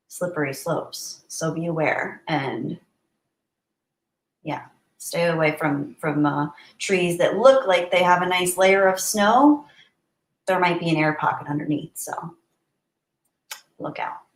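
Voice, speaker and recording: A woman hosting a casual livestream, chatting warmly and reading viewer messages aloud. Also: lowish voice, slow, long pauses. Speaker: livestream host. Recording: roomy echo.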